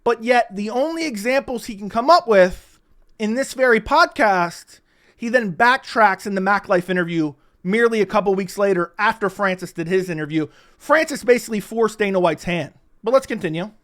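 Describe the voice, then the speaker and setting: A man's voice: high-pitched, expressive, moderate pace, a bit bright. A man giving sarcastic, profane reaction commentary on interview clips.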